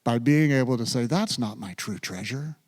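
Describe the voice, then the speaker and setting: A man's voice: mid-range voice, expressive, moderate pace, darkish tone. A male pastor preaching a sermon in a church, with a dramatic delivery that sinks to near whispers. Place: church sanctuary.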